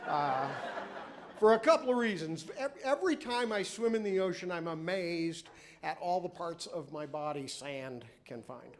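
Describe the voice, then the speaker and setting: A man's voice: sits high, a bit bright. A middle-aged male comedian doing a self-mocking, rambling stand-up routine on a club stage, with audience laughter behind him. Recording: live club recording with crowd noise.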